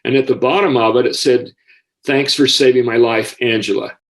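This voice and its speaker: Older American man, guest storyteller, sincere and emotional, mid-pitched voice. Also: steady tone, moderate pace, low-quality recording. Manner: heartfelt, gets emotional easily. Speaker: guest, former school counselor. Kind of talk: personal storytelling.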